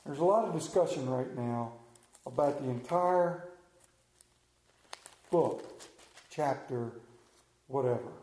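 A man preaching a sermon as pastor, conversational and joking, often dropping to a hushed voice. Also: medium pitch, expressive, slow, pauses often. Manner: humorous, conversational preaching with sudden hushed drops. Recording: roomy church echo.

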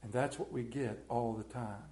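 A man preaching a sermon, telling stories in a folksy way and dropping to a hush for quoted lines. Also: medium pitch, fairly even intonation, normal speed, echoey room, slight background noise. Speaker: pastor. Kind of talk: storytelling sermon.

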